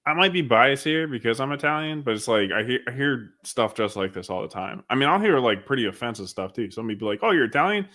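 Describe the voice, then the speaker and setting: A man in a relaxed podcast chat, easygoing and plainspoken and quick to laugh. His voice is bright and forward, and it sits in the middle of the range. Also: medium pitch. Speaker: podcast co-host. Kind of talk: casual chat.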